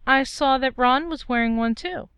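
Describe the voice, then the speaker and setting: A woman reading a story aloud and voicing a warm, bossy, fussing mother in her middle years. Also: sits high, normal speed, smooth, no echo, voice pushed up. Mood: motherly. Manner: fussing, firm, affectionate.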